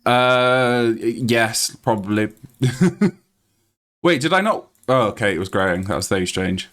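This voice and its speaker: A British man live-streaming a game, excitable and laughing often, swearing freely while he plays and talks to viewers. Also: mid-range voice, unhurried.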